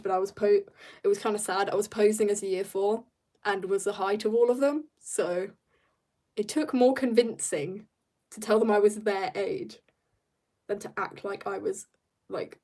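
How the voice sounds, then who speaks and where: British girl in her teens, rambling casual stream chat, quick giggly bursts, distant from the mic. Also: medium pitch, a little mellow. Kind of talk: casual livestream chat while drawing. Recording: voice a bit off-mic.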